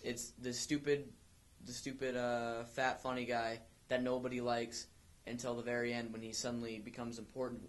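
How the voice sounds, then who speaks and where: A man's voice: medium pitch, little pitch movement, moderate pace. A young man co-hosting an amateur podcast, chatting casually and rambling with many restarts. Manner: rambling, full of restarts and fillers. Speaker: podcast co-host. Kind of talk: casual chat.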